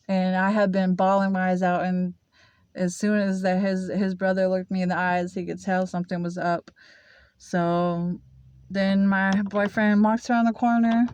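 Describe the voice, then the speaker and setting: Young woman vlogger, casual confessional storytelling, flat even pitch, dry close sound. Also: clean tone, no room sound. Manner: halting, full of fillers and restarts; confessional, emotional.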